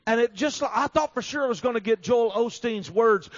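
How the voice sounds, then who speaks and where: A man preaching a revival sermon in a fervent, storytelling way that builds to emphatic shouting. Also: very high-pitched, moderate pace, no echo. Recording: slightly dull recording.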